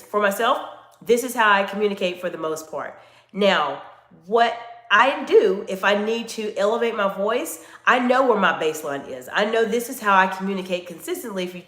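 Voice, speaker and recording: A woman's voice: mid-range voice, lively intonation, a little fast, a bit bright, reverberant. A woman coaching live-stream viewers on communication, speaking directly to them in an instructive way and reading out their chat comments.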